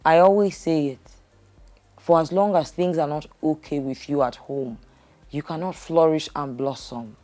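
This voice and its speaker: A woman hosting a counseling show, calm, measured and soothing. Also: deep voice. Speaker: relationship counselor host.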